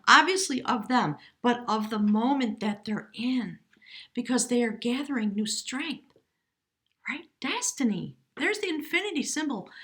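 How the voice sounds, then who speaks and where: A woman giving a spontaneous tarot reading, speaking gently and emotionally, now and then addressing her spirit guides. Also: fairly high pitch. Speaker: tarot reader.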